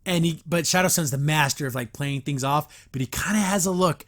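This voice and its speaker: A man hosting a podcast, reviewing a cartoon episode in an animated, chatty way, often laughing and restarting. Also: a little high, a little fast. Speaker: podcast host.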